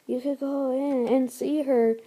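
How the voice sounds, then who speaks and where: A woman voicing a calm, kind female cat, speaking softly. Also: high voice, measured pace. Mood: gentle.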